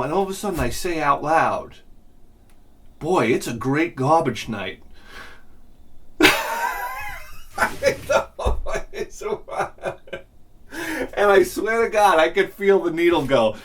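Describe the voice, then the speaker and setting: A middle-aged man telling a rambling, self-mocking comic story with lots of swearing and loud bursts of laughter. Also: sits high, very animated, fairly quick. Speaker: video game collector vlogger.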